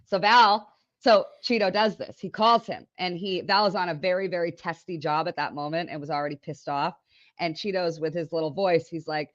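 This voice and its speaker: A woman with a fairly low voice spins a story casually, laughing often and slipping into voices for the people she quotes. The audio is dull and lo-fi, with a dry, close sound. Her delivery is lively and chatty. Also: moderate pace, dry recording. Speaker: podcast guest, business owner.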